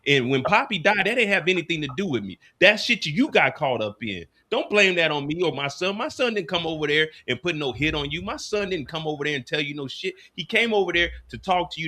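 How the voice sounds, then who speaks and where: A man's voice: fairly high pitch, bright, forceful tone. A man ranting as a hurt, furious man. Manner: ranting, cursing, wounded.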